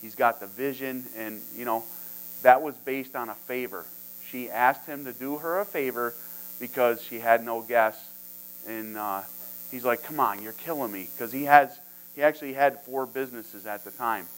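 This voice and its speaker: A man's voice: medium pitch, normal speed, low-quality recording. A man telling a long story to an audience at a sales training, acting out phone conversations in quoted lines.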